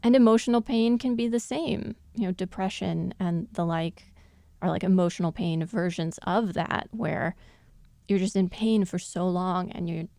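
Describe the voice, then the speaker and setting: Podcast co-host, woman, thoughtful and quick to laugh, clean smooth tone. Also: on the low side, dark tone, dry recording, clean studio sound. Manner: thoughtful, laughs often while explaining. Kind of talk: casual analytical chat.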